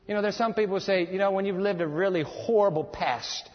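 A man preaches a dramatic sermon in a high, husky voice that leaps across its range, swinging from booming to hushed. The sound is dull and lo-fi, with a long reverb from a large hall. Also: sing-song, normal speed, hardly any pauses.

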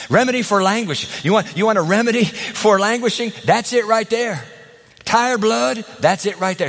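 A pastor delivering a sermon in a high, lively voice that leaps up and drops low. He acts out little scenes and swings between near-shouts and hushed asides. The sound rings on in a big, echoing hall. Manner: dramatic preacher, acts out voices, swings loud and soft. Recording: reverberant hall.

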